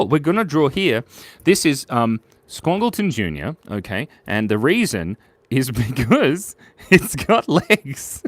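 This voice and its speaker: A man live-streaming while drawing, chatting playfully, muttering quietly as he works and jumping to squeaky, excited highs. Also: no room sound. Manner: playful, jumps to squeaky high bursts of excitement.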